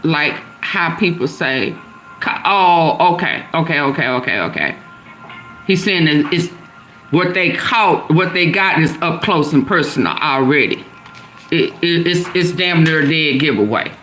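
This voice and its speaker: This middle-aged host speaks unhurriedly in a low, slightly bright voice while soft music plays. She's chatty on her live stream, reading viewers' comments aloud, responding, and laughing often.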